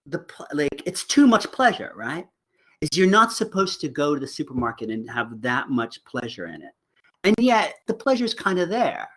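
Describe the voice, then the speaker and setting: A middle-aged man teaching a college class in a loose, chatty way. His pitch swoops widely as he jokes, and he stumbles through fillers and restarts, often breaking into laughter. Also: poor audio. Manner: animated, laughing, halting with many fillers. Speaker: college lecturer. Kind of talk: casual online class lecture.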